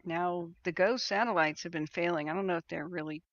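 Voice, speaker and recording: A woman with a gravelly, creaky voice talks through a casual live stream, hesitant and full of ums and restarts. The sound is dry and close, with a dull, lo-fi stream quality. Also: fairly low pitch, steady tone, a little fast, no echo. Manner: thinking aloud, hesitant, many ums and restarts. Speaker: wildfire tracking livestreamer.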